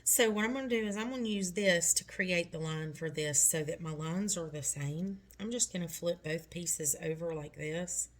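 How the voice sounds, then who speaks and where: A woman's voice: lowish voice, steady tone, normal speed, few pauses. A middle-aged woman talking through a nail tutorial step by step, chatty and reassuring.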